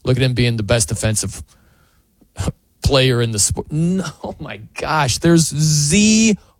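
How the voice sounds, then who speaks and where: Male sports opinion host, incredulous and animated, lively pitch, dry close sound. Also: slow, dry recording.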